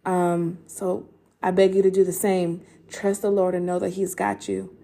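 Emotional woman with a gravelly, mellow voice. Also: on the low side, little pitch movement, a little slow. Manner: earnest, heartfelt, many ums and restarts. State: emotional, holding back tears. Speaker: podcast host. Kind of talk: casual faith-based encouragement talk.

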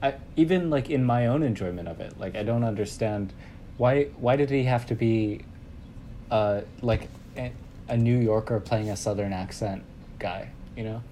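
A man's voice: mid-range voice, normal speed, warm tone, slight background noise. A man co-hosting a podcast, talking in a casual, rambling way with lots of fillers and restarts. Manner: rambling, hesitant, many fillers. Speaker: podcast co-host. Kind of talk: casual chat.

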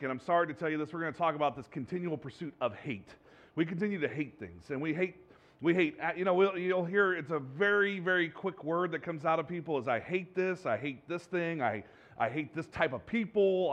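This man preaches in a relaxed, chatty style, often restarting his sentences and poking fun at himself with the congregation. His voice sits fairly high. The recording is dull and a little muffled. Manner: conversational, rambling with frequent restarts and fillers; self-deprecating, jokes with the congregation. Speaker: pastor. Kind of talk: sermon.

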